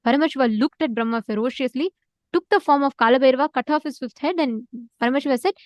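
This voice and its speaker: A woman teaching an online class who tells a sacred story with lively energy. She uses many filler words and repeats words for emphasis. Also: sits high, fast talker, no echo. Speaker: spiritual teacher.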